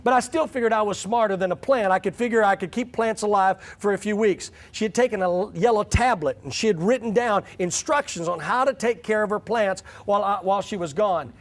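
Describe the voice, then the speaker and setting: Brief: middle-aged man with a high voice, folksy joking teller of anecdotes in a talk to church leaders. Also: brisk, few pauses. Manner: folksy, humorous storyteller. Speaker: church growth speaker.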